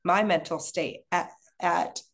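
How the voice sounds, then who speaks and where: A woman's voice: on the low side, steady tone, slow pace. A woman co-hosting a casual talk, speaking in a chatty way with many fillers and restarts. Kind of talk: casual chat.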